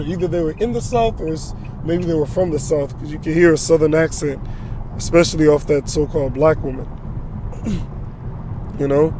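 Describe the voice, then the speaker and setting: High-pitched preacher man in transit. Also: warm tone, a little hiss or hum. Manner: quotes scripture, asks "all right?" and "you know?" often. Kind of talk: informal sermon on the move.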